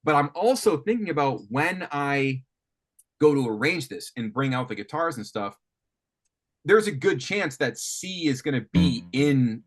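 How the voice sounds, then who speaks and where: A man coaching a student on writing guitar riffs, thinking aloud with lots of restarts and animated talk. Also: fairly high pitch, measured pace. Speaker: music coach. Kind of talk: teaching songwriting on a call. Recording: faint guitar music behind.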